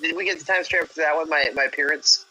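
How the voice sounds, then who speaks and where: Joking dude on a stream call, bright forceful voice. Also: male voice, fairly high pitch, fairly even intonation, fast, low-quality recording. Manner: joking, laughs at his own lines. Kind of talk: casual group chat on a live stream.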